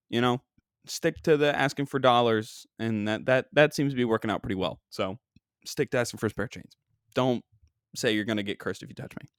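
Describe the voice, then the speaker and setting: Man, podcast host, comic storytelling, rambling, self-deprecating, smooth clear voice, dry sound. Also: medium pitch, animated, moderate pace, no echo. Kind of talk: comedic storytelling. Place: New York.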